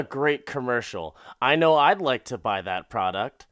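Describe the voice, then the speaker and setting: A man's voice: medium pitch, expressive, measured pace, few pauses, fairly bright tone, dry recording, studio quality. A man hosting a podcast, casually recapping an episode with swearing and acted-out lines. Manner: laid-back, swearing, laughing, acting out characters. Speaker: podcast host.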